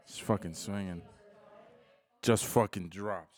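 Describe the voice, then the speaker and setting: A man's voice: fairly low pitch, normal speed, long pauses. A man co-hosting a podcast, telling a story in a loose, slangy, profane way. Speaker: podcast co-host. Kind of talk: casual storytelling chat.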